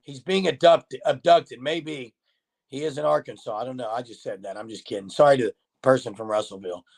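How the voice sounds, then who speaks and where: A man's voice: mid-range voice, fast, gravelly. A man hosting a casual sports livestream, chatting and joking with callers and reading out viewer comments. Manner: chatty, jokey, talks straight to viewers. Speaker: host of a sports livestream show.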